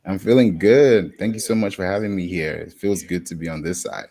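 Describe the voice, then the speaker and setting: A man's voice: low-pitched, fairly quick, gravelly, dark tone. A man with a Nigerian accent, a guest on a video call, answering politely and briefly.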